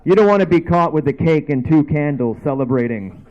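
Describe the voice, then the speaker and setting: A man's voice: fairly high pitch, lively intonation, a little fast, darkish tone. A man from Canada doing a loose, rambling stand-up set on a dive bar stage, full of offhand asides. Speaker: stand-up comedian. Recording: dull lo-fi bar recording.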